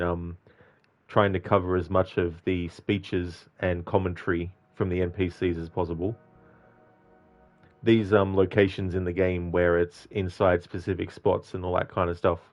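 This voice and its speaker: A man's voice: deep voice, lo-fi sound. A man chatting casually on a game live stream, reading out and answering viewers by name.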